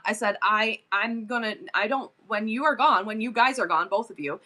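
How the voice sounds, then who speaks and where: A woman's voice: on the high side, normal speed, few pauses, a bit bright. A woman in her forties hosting a live selling stream, talking emotionally about her son and gushing thanks to viewers. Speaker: livestream seller.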